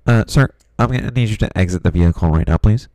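A man's voice: fairly low pitch, fast talker, darkish tone, dry recording, lightly acted. A man doing a fussy, officious emergency dispatcher. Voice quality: blocked nose. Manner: formal, keeps repeating "sir". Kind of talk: improvised comedy skit.

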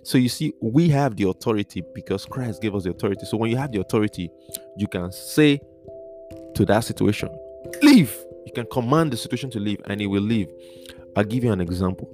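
Low-voiced man teaching over guitar. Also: quick pace, a little mellow. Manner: earnest, repetitive, spells out words letter by letter. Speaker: Bible teacher. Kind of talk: podcast Bible teaching.

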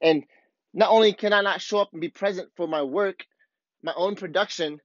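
A man's voice: sits high, normal speed, dry recording. A man coaching surfers, talking candidly and bluntly to camera, swearing freely as he walks through his own feelings. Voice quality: blunt, profane and self-revealing. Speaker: surf coach. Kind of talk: candid motivational talk to camera. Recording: dull, slightly lo-fi dry recording.

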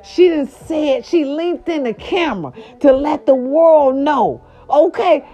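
Sassy, animated woman gossip host. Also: unhurried, few pauses. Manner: animated, sassy, slangy, dramatic pitch swings. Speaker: show host. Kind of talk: casual celebrity gossip monologue. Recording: dull lo-fi audio.

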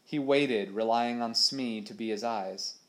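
A man's voice: medium pitch, measured pace. Man narrating an adventure book. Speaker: audiobook narrator. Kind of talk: storybook narration.

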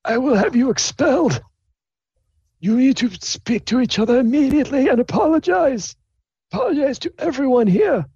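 A man voicing a stern, pompous older university dean in a tabletop game, scolding in a high put-on voice. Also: expressive, normal speed, dark tone, breathy edge, no room sound, dull audio, exaggerated voice. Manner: indignant, commanding.

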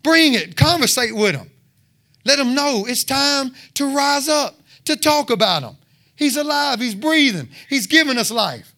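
Man, fervent lay preacher, bright tone, high voice. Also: big pitch swings, unhurried. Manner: fervent, exhorting, with shouted roars. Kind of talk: testimony sermon.

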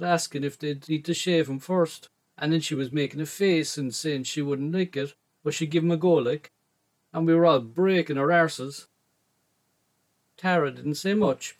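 A man's voice: a little high, a little mellow. A young man with a Cork Irish accent narrating a first-person story in a rambling, colloquial way. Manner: rambling colloquial telling, frequent "like" and "I goes".

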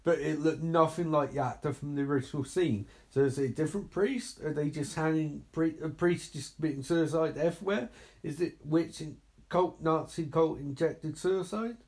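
A man's voice: a little high, normal speed, darkish tone. A man giving live reaction commentary on a horror movie, sarcastic and exasperated, swearing freely.

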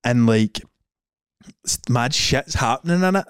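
A man's voice: medium pitch, expressive, a little slow, smooth, no room sound, clean studio sound. A young Scottish man co-hosting a podcast, chatting casually and rambling with lots of swearing and fillers. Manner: rambling, swearing, laughing a lot, filler-heavy. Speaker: podcast co-host. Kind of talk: casual chat.

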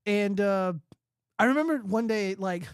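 A man's voice: sits high, a little slow, smooth, dry recording, studio quality. A man hosting a livestream, ranting casually and profanely while answering chat. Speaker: livestream host.

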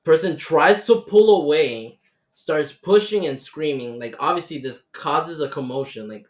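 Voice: medium pitch, a little slow. A podcast host in loose, casual chat, reading out stories that listeners sent in and saying "like" a lot. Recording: roomy echo.

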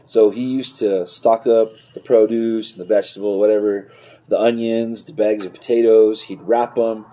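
A man's voice: lowish voice, little pitch movement, moderate pace, warm tone. A man in casual chat who tells stories with lots of swearing and laughs often. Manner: profane storytelling, laughs often.

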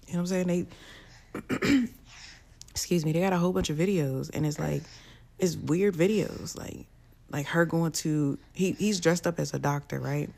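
A woman's voice: low-pitched, normal speed, vocal fry, mellow. A young woman, ranting bluntly and profanely to camera in a casual vlog. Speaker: vlogger.

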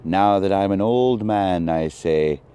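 Slow, low-voiced rambling podcast man. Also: mellow, clear, resonant tone. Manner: loopy, wandering, jokey. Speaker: podcast host. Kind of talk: rambling solo podcast chat.

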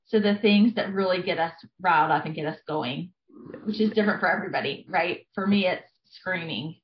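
A family therapist in her thirties explains things earnestly in a conversational interview, using frequent fillers. Her voice is fairly low and fairly quick, and the recording is echoey, dull and lo-fi with slight background noise.

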